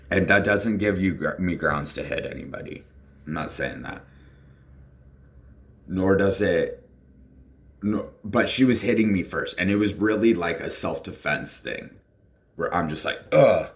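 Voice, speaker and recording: A man's voice: low voice, a bit bright. A man casually telling a personal story, rambling with fillers and acting out what people said.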